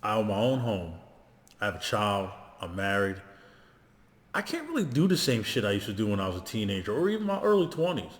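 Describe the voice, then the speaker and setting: Low-voiced man in his thirties. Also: brisk. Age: 30s. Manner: relaxed, laughing, loose profanity. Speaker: podcast co-host. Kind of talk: casual chat. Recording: echoey room with long reverb.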